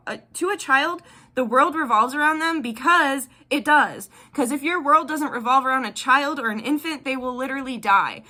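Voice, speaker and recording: A woman's voice: high-pitched, pushed and bright. A woman in her thirties telling a personal story to the camera in a candid, rambling way with many fillers. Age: 30s. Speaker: tarot vlogger.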